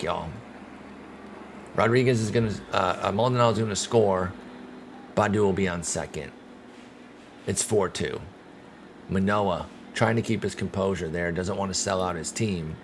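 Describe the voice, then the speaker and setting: A man streaming a baseball management game, calling the plays casually and swinging from calm calls to loud groans and outbursts. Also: sits low, normal speed, long pauses, a little hiss or hum. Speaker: gaming streamer. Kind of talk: casual play-by-play of a baseball sim.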